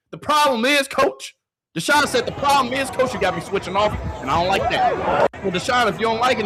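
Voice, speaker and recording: A man with a high, fairly bright voice gives hyped, slangy sports commentary over practice clips. He repeats lines and speaks straight to his viewers.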